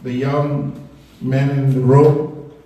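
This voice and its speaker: A man's voice: mid-range voice, level tone, slow pace, dark tone, recorded from a distance. A man giving an earnest, persuasive public talk to an audience, speaking from a spiritual perspective. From Bahamas. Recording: echoey room recorded from afar.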